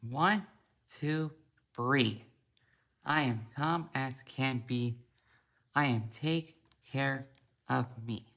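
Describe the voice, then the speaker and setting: A man reading a children's picture book aloud, slowly and haltingly, a few words at a time. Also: medium pitch, a bit bright. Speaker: storybook reader.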